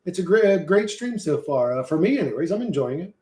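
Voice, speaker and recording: Man, casual livestream chat, profane rambling slang, slightly high voice, echoey room. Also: very animated, fast, darkish tone. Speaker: streamer reading and answering chat. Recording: roomy echo.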